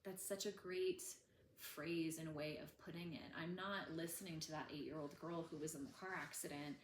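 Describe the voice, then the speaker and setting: A woman in her thirties teaching about healing trauma in a gentle, conversational way, with many fillers. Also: low-pitched, fairly even intonation, normal speed, echoey room, a little hiss or hum. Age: 30s. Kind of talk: casual teaching talk.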